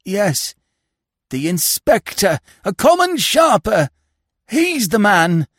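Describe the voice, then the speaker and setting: Despairing, bewildered husband in a storybook, moaning, pitched higher than the reader's normal voice, as a male narrator puts him on. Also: big pitch swings, moderate pace, slightly rough, no room sound, studio quality. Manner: moaning, stammering.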